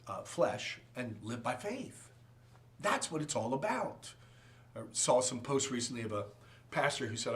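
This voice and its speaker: A man teaching a Sunday school class, animated and joking, acting out quotes as he goes. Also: medium pitch. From from outside the region. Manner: animated, jokes and acts out quotes.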